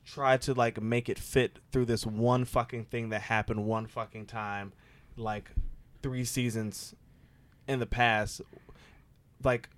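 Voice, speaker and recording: A man's voice: flat delivery, slow pace, a bit bright. A man chatting casually, rambling with many filler words and getting exasperated about a TV show. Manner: rambling, lots of "like" fillers, jumps high when exasperated. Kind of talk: casual podcast chat.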